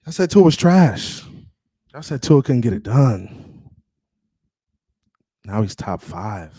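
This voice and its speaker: An animated man hosts a live sports stream, his pitch leaping all over as he hypes the chat and razzes rival fans. The sound is dry and close, with no room around it. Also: slow pace, long pauses, breathy edge, no echo. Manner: animated, trash-talking, shouting out viewers. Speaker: livestream sports show host. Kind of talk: casual live-stream banter.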